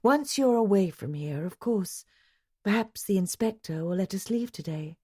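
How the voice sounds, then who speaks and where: A woman's voice: mid-range voice, lively intonation, normal speed, darkish tone, husky, no room sound, studio quality, pitched above the performer's own voice. A woman doing a soothing, refined lady. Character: calm, soothing society lady.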